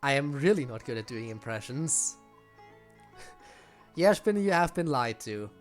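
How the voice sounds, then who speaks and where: A woman streamer chatting casually while playing a game, self-deprecating and quick to laugh. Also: a bass voice, animated. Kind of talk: casual gaming stream chat. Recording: faint game music behind.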